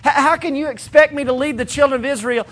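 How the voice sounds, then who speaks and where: A panicky, exasperated Moses begs and protests in slangy everyday speech, the voice pushed even higher than usual and sounding bright and strained. A male preacher puts him on during a sermon. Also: fast talker. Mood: protesting. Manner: pleading, exasperated, casual modern slang. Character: anxious, protesting male Moses, middle-aged.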